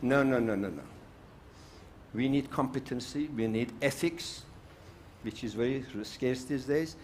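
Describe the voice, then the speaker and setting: An older South African man, outspoken and forceful, delivers an impassioned speech to a summit panel and repeats his key points. His mid-range voice is unhurried with a darkish tone, and there's slight background noise.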